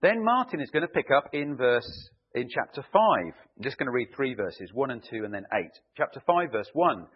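Preacher guy, husky, kinda dull lo-fi church recording, really leans on words. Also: medium pitch. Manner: lively, emphatic delivery, slows to stress key words. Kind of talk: sermon with scripture reading.

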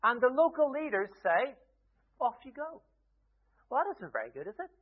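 A high-voiced man preaching a sermon. He retells the story in a lively way and drops in wry asides. The sound is thin and tinny, like a phone line. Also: quick pace, breathy edge.

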